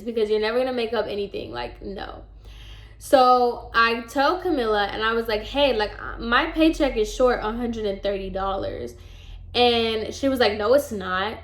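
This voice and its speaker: Animated young woman telling a story. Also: fairly high pitch. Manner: animated, exasperated retelling that acts out both sides of the dialogue. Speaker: vlogger. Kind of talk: casual storytime. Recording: roomy echo.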